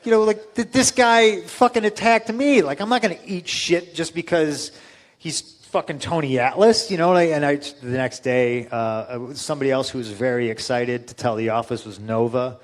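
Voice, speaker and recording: Profane, animated male storyteller. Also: medium pitch, moderate pace. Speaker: guest. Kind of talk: casual storytelling on a convention panel.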